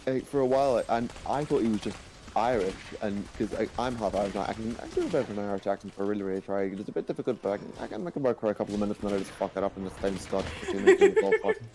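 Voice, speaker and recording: Lively low-voiced man. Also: very fast, slight background noise. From England. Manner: rambling, anecdotal, swears casually. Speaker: streamer. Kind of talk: casual group chat on a livestream.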